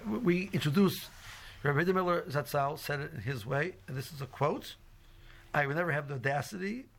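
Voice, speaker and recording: A middle-aged yeshiva teacher with a slightly high, gravelly, husky voice leads a casual Torah class. He rambles with many fillers and restarts, mixing in Hebrew phrases.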